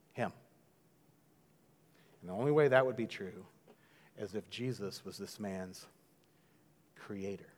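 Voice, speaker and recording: A man preaching a sermon in a conversational way, dropping to a hush and then rising loud. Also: medium pitch. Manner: conversational, swings from hushed to loud. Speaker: pastor. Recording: long hall reverb.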